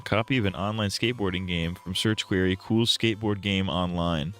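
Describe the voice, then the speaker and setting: A man's voice: low voice, brisk, a bit bright, soft background music. A male streamer casually reading game text aloud with irreverent, crude asides.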